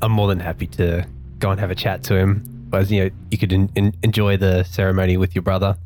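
A man's voice: deep voice, little pitch movement, brisk, a little mellow, soft background music. A man, a tabletop player, speaking in an easygoing, helpful way.

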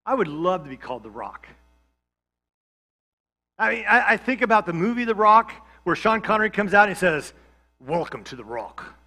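A man gives a sermon in a high, bright voice. He preaches in a loose, conversational way and slips in jokes and asides. He is a pastor who grew up in Georgia. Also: lively intonation, brisk, long pauses, soft background music. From Georgia, USA.

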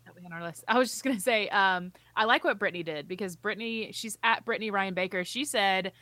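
A woman's voice: mid-range voice, fast, bright, forceful tone, no echo. A woman co-hosting a podcast in casual chat, talking breezily with lots of fillers and easy laughs. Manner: chatty, laughs easily, filler-heavy. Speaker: podcast co-host.

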